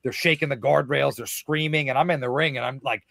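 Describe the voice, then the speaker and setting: Man, thirties, podcast guest, animated storyteller, swears a lot, dry close sound. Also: mid-range voice, brisk, vocal fry, no echo. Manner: excitable, swears a lot, acts out quotes. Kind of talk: casual storytelling.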